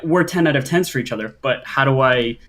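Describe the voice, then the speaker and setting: A man's voice: mid-range voice, brisk, a bit bright. Rambling man in his twenties calling in. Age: 20s. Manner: rambling, earnest, long-winded. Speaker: caller. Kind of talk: call-in question.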